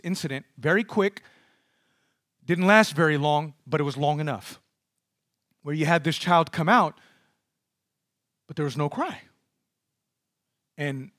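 A man preaching with a high, bright, ringing voice. He swings from loud, soaring calls down to hushed near-whispers. The sound is dry and close. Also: no room sound. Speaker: pastor. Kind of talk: sermon.

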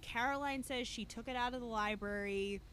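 A woman's voice: fairly high pitch, moderate pace, fairly bright tone, slight background noise. A woman co-hosting a podcast, talking in blunt, opinionated bursts of emphasis as she recaps a reality show. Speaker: podcast co-host.

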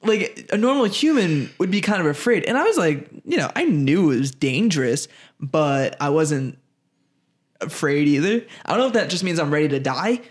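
A man's voice: on the high side, very animated, moderate pace. A young man co-hosting a podcast, telling stories in a rambling, laid-back way and laughing often. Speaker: podcast co-host. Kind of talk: casual podcast chat.

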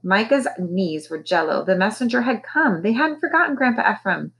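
Teacher reading a chapter book aloud to a class; woman, expressive, mid-range pitch. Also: moderate pace, rough recording. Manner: expressive storytelling. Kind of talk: reading a children's novel aloud.

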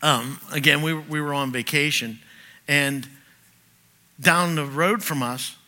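Middle-aged male pastor, very bright and forceful, slightly high, an animated storyteller moving between loud and hushed delivery. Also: slow. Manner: animated storyteller, swings from loud bursts to quiet asides. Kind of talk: sermon with personal anecdotes.

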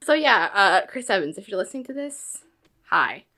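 A teenage girl chatting casually as a podcast guest, bubbly and quick to laugh. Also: mid-range voice, very animated, bright, forceful tone. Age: teens. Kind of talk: casual chat.

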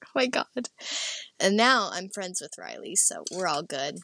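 A woman's voice: fairly low pitch, very animated, measured pace, vocal fry, pushed and bright, no room sound. A teenage girl telling a personal story in a casual, rambling way, full of fillers, sometimes dropping into a whisper. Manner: chatty, rambling, full of "like", drops into whispered asides. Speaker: vlogger.

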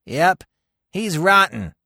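A man's voice: sits high, very animated, slow, vocal fry, pushed and bright, no room sound, clean studio sound, exaggerated voice. A man voicing a stout, spoiled American boy who is blunt and rude, in a raised childish voice.

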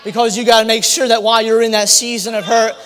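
A male pastor preaching a sermon, emphatic, climbing into shouted repetitions. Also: extremely high pitch, little pitch movement, fast talker, a faint crowd. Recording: long hall reverb.

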